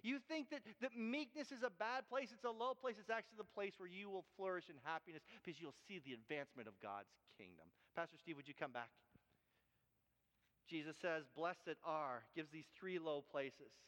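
A man preaching a sermon in an animated way, repeating words and acting out Bible characters. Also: high-pitched, fairly quick. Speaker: pastor. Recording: long hall reverb.

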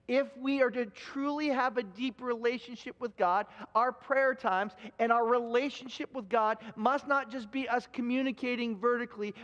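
A man's voice: very high voice, a bit bright, dull audio. A man, a pastor, preaching a sermon with emphatic repetition and frequent restarts. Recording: music bed under voice. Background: music playing underneath.

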